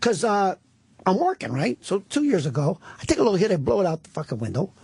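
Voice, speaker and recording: A man's voice: high-pitched, fast, vocal fry, slightly rough, dry recording. A middle-aged man telling rambling, profane stories in casual talk-radio banter as a comedian guest. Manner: profane, rambling, animated storyteller.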